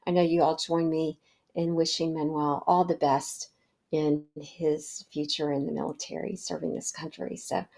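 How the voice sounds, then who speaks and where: Reflective middle-aged woman host, lowish voice. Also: level tone, normal speed, vocal fry. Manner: warm and reflective, with fillers. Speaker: podcast host. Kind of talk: casual personal storytelling.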